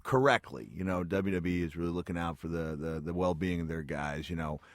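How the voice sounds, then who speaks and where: A man's voice: sits low, brisk, no room sound. A middle-aged man telling wrestling stories as a radio interview guest, chatty and self-deprecating, laughing often. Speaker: guest, retired pro wrestler. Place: radio studio. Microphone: studio mic.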